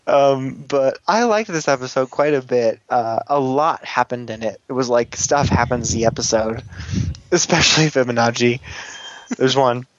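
A man talking casually on a podcast, laughing often and tripping over his words as he rambles. His voice sits at an ordinary middle pitch. The recording is dull and lo-fi. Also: normal speed, dry recording. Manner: rambling, giggly, lots of fillers and restarts. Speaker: podcast co-host. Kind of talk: casual chat.

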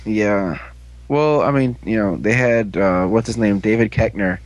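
A man in a casual chat, rambling and halting, restarting his sentences and laughing often. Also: on the low side, lo-fi sound. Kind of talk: casual chat about a TV show.

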